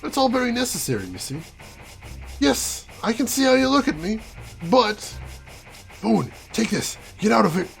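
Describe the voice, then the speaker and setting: A man's voice: very high voice, sing-song, normal speed, vocal fry, long pauses, voice pushed up, exaggerated voice. A man voicing a haughty, condescending male villain who rules a cursed mansion, speaking in a pompous, theatrical way. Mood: smug.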